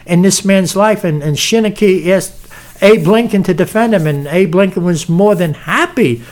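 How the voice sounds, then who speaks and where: Fervent high-voiced male preacher. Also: moderate pace, darkish tone. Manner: fervent, stumbling restarts, direct address to "folks". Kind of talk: emphatic preaching with read-aloud passages.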